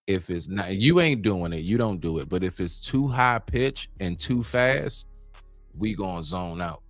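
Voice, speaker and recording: A man hosting a casual chat, explaining his point with loud and soft swings. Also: low voice, animated, unhurried, no echo, faint music behind. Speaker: host.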